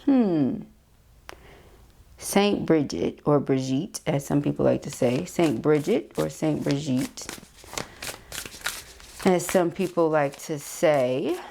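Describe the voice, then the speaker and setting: A woman's voice: low voice, lively intonation, takes it slowly, creaky, dark tone, a little hiss or hum. A woman giving a casual tarot reading, reading card affirmations aloud and chatting with viewers. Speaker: tarot reader.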